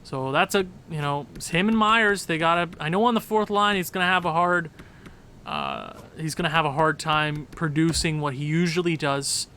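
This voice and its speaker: Man, high voice, rambling game commentary, excitable, faint hiss behind. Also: normal speed. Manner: excitable, rambling, self-correcting. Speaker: gaming commentator.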